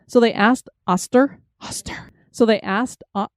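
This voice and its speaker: A woman's voice: a little high, steady tone, measured pace, no room sound, studio quality. A woman co-hosting a podcast in casual chat, teasing and joking, laughing at her own slips. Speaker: podcast co-host.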